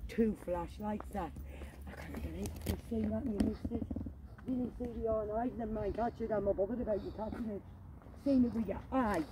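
A woman ghost hunting outdoors in a cemetery at night, talking into a handheld camera in an excitable, frightened way and swearing often. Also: mid-range voice, noisy background. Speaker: paranormal vlogger. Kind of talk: live ghost-hunting commentary.

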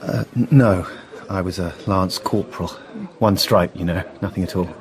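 Male actor as a quiet, unambitious young clerk, very low voice, mild and hesitant, radio play. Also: moderate pace, natural voice. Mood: modest. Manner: mild, hesitant, self-effacing.

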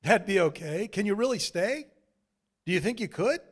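A man's voice: sits high, animated, normal speed, breathy edge, voice pushed up. A man voicing an eager, earnest, good-natured male friend who talks in a friendly way.

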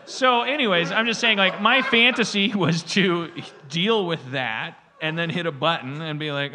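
A man with a bright, fairly high voice rambles through a casual podcast story. He swears freely and acts out little voices and quotes as he goes. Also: expressive, normal speed, a little hiss or hum. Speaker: podcast host. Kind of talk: casual chat.

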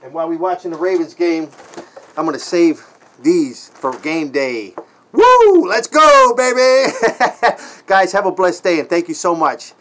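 An excited man with a high voice, originally from Baltimore, Maryland, talks at a moderate pace while opening a gift on his laid-back unboxing vlog. Full of gratitude, he keeps repeating "man" and "guys" before launching into an earnest spoken prayer.

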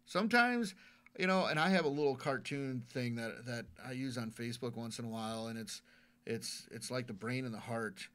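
A man's voice: mid-range voice, moderate pace, bright, forceful tone, smooth. A man, a Navy veteran guest, telling stories in a casual interview, earnest and often repeating words as he restarts his sentences.

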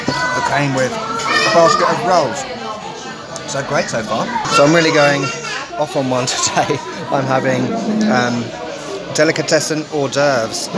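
Chatty man vlogging on a phone. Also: mid-range voice. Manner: chatty, upbeat, frequent ums and laughs. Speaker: travel vlogger. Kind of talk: casual travel vlog narration. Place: outdoors and in a restaurant, on the move. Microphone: phone held in hand.

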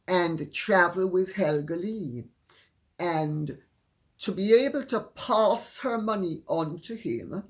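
A woman hosting her own channel, telling a gossipy story in a chatty, candid way with frank asides. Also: lowish voice. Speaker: channel host.

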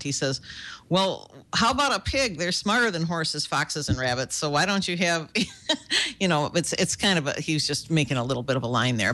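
A woman's voice: sits low, a bit bright. A woman who moderates the chat room for a ham radio show, talking in a bubbly, enthusiastic way and laughing often.

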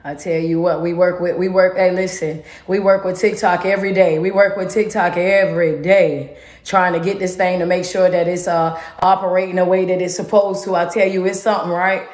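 A middle-aged woman, talking as a motivational life coach on a livestream, energetic and repetitive as she calls out to her viewers. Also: lowish voice, brisk. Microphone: phone livestream. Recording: echoey room on a phone.

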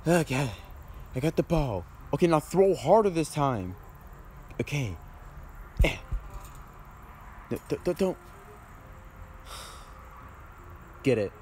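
A man's voice: a little high, big pitch swings, unhurried, long pauses, darkish tone, a little hiss or hum. Young man in a whiny bickering skit. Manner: bickering, whiny, slangy banter with frequent fillers. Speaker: skit performer voicing several friends. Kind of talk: casual improvised comedy skit.

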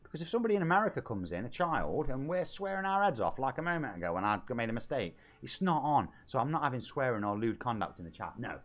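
A man's voice: medium pitch, very animated, quick pace, few pauses. A man, chatting casually as a game streamer and reading his chat aloud. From Nottingham, England. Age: 40s.

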